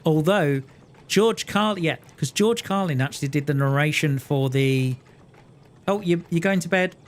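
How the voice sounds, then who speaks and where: A man's voice: on the high side, normal speed, slight background noise. A man chatting casually while live-streaming a train simulator game, rambling, telling jokes and talking to his viewers. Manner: rambling, joking, talks to chat and himself.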